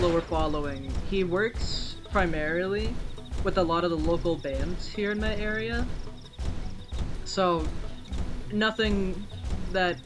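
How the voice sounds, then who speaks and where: Chatty, excitable streamer with game music behind. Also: medium pitch. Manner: chatty storyteller, swears freely, gets loud and excited. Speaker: Twitch streamer. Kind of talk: casual chat while streaming a game.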